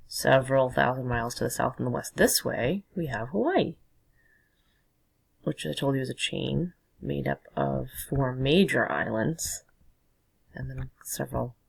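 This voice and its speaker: A woman's voice: a bass voice, creaky, husky, poor audio. A woman teacher explaining a lesson patiently, talking as she draws and labels. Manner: patient, explanatory, talks while drawing. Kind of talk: recorded classroom lesson.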